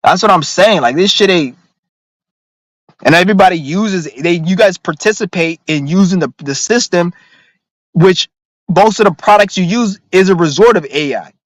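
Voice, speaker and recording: A man's voice: high voice, moderate pace, a bit bright, dry recording, rough recording. A man ranting to his viewers in a profane, rambling, emphatic monologue, reading out their comments now and then. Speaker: vlogger.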